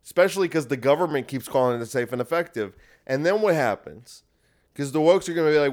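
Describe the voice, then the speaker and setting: A man's voice: on the high side, expressive, quick pace. A man hosting a podcast, talking in a rambling, crude and sarcastic monologue with frequent restarts. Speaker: podcast host. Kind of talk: casual monologue.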